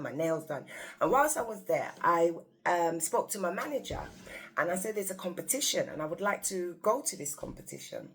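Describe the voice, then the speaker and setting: A woman telling a story to her viewers in a casual, animated, exclamatory way. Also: low-pitched. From England. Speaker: vlogger.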